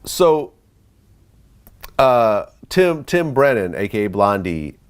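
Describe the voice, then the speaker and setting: A man's voice: medium pitch, sing-song, takes it slowly, clean tone. A man interviewing a guest in a casual interview, prompting with short affirmations and summaries.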